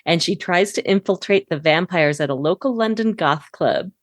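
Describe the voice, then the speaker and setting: A woman's voice: lowish voice, normal speed, no echo, clean studio sound. A woman co-hosting a podcast, recapping a film scene in a matter-of-fact, wry way. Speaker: podcast co-host. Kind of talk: casual movie discussion.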